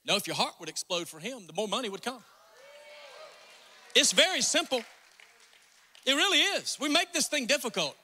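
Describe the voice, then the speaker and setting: A pastor with a north Georgia Southern accent preaching a folksy, joking sermon in a church sanctuary. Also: male voice, very high-pitched, very animated, moderate pace, long pauses, sharp tone, slight background noise. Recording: long reverb in a church hall.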